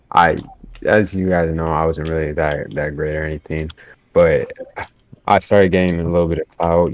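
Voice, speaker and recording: A man's voice: extremely low pitch, no room sound. A man talking casually about his experience, rambling with lots of fillers. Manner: laid-back, rambling with many fillers. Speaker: podcast guest editor. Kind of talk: casual chat.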